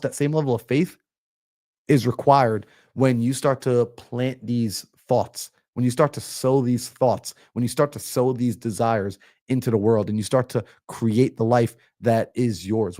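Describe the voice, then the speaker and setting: A man coaching on a live stream, energetic and preachy, acting out little everyday scenes. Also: mid-range voice, normal speed. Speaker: mindset coach. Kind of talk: motivational live-stream talk.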